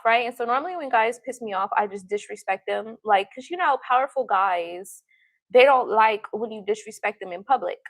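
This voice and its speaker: A woman's voice: a little high, no echo. A woman hosting a livestream, telling stories in a blunt, profane, casual way and often laughing. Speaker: tarot reader and livestream host.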